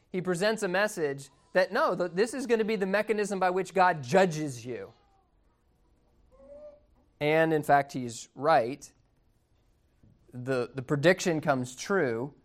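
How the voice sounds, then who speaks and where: A man preaching a sermon in a conversational, amused storytelling manner. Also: high voice.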